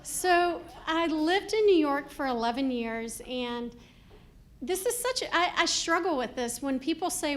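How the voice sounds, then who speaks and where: A high-pitched woman works a comedy club crowd in a stand-up set. She is middle-aged and talks in a chatty, animated way, with plenty of "like" asides. She is heard through a handheld stage mic. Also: unhurried. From Georgia, US.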